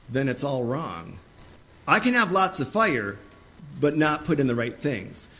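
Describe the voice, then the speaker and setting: A male pastor preaching an earnest sermon, often restarting his phrases and climbing higher and louder when he gets worked up.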